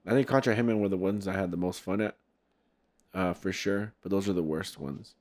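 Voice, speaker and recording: Young man, podcast host, casual chat, lively storytelling, lowish voice. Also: brisk. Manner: animated storytelling, acts out quotes loudly. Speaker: podcast host and film director.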